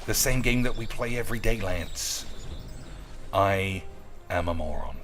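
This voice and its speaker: Man, game streamer, crude jokey commentary, bright voice, faint music underneath. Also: low voice, measured pace. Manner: crude, joking and excitable.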